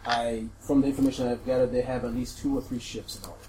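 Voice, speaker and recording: A man running a tabletop role-playing game, explaining the situation in a relaxed, halting way and laughing often. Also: mid-range voice, a little hiss or hum, rough recording. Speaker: game master.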